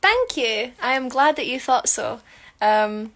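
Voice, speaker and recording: A young woman, talking casually into her phone at home as she reads out viewers' comments. Her voice sits high, and she slips between near-whispered asides and bright, louder bursts, padding it all with plenty of ums. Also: lively intonation, a little slow. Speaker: musical theatre performer on a live stream. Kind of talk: casual livestream chat reading comments. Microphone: phone camera close up.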